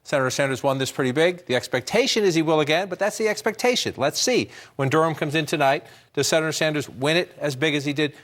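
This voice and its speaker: Guy talking fast thru election results at a map, brisk and explainy, news studio feel. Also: on the high side, a bit bright. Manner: brisk, explanatory, thinks aloud with restarts. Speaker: election analyst at a touchscreen map. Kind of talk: live election-night analysis.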